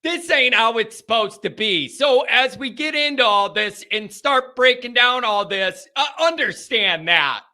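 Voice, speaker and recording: A man hosting a live sports talk show, excitable and rambling, often repeating himself. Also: very high-pitched, measured pace, few pauses. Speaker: sports podcast host.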